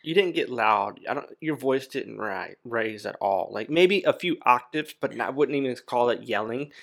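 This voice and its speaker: A man's voice: mid-range voice, lively intonation, moderate pace, vocal fry, fairly bright tone. Male co-host, easygoing, dry asides. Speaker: podcast co-host. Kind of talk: casual chat.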